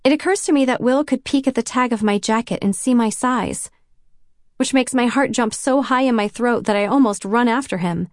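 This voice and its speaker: A woman's voice: fairly high pitch, moderate pace, no room sound, clean studio sound. A woman reading a novel in first person, with a self-conscious, wry inner voice. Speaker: audiobook narrator. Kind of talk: first-person audiobook narration.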